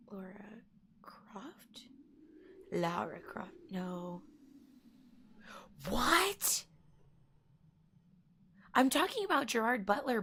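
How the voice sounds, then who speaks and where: A woman chatting casually while she plays a video game, rambling through a story and reacting out loud to the game. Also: medium pitch, creaky, a little hiss or hum. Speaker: gaming streamer. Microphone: headphones on.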